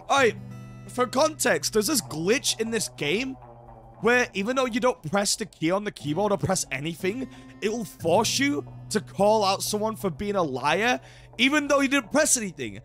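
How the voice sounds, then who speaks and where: A young man narrating a game as he plays, with a high and wildly swinging voice. He swears constantly and flips from chuckling to furious shouting. Faint music plays beneath him. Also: moderate pace. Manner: excitable, swears a lot, yells in frustration. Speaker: gaming YouTuber. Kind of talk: casual gameplay commentary.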